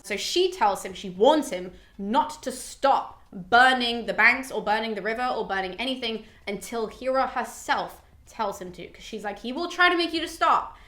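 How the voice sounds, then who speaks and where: A woman's voice: on the high side, a bit bright. A young woman retelling a myth in a casual, frank way, often saying "like". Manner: chatty, frank, peppered with "like". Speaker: mythology video host. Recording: roomy echo.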